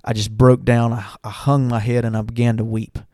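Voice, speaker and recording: A man's voice: mid-range voice, flat delivery, brisk, dark tone, no room sound, studio quality. A young man, earnestly telling his church testimony and talking to listeners as y'all. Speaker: church member giving testimony. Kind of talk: personal testimony.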